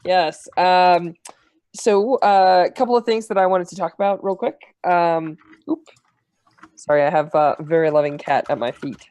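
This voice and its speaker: A man serving as game master, recapping the last tabletop session in a halting, filler-heavy way. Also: sits high, darkish tone, clear, resonant tone, no room sound.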